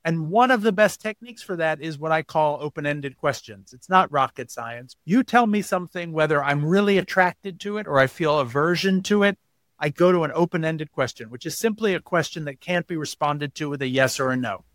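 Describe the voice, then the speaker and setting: A man's voice: a little high, expressive, fairly quick, fairly bright tone, no room sound. A man as an interview guest, explaining at length and acting out quoted voices as he tells stories. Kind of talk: podcast interview.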